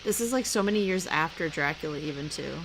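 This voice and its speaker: A woman's voice: low-pitched, animated, fast, background noise. Chatty young woman hosting a watch-along. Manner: chatty, lots of "like", frequent laughs. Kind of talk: casual chat.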